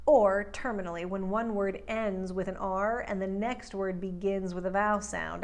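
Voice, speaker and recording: A woman speech coach teaching accent sounds, giving clear explanations and slowly modeling drill words. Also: medium pitch, fairly even intonation. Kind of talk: accent lesson.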